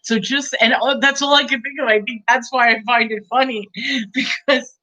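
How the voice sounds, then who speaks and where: A woman's voice: on the high side, fairly even intonation, moderate pace, pushed and bright, lo-fi sound. A woman giving a casual, rambling movie review, chatty and giggly, with many fillers.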